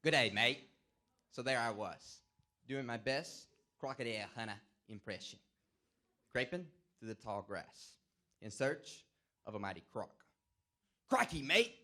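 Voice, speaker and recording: A man's voice: on the low side, a little slow, a bit bright. Man telling a story with dramatic flair. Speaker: 4-H council candidate. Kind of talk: prepared campaign speech with storytelling.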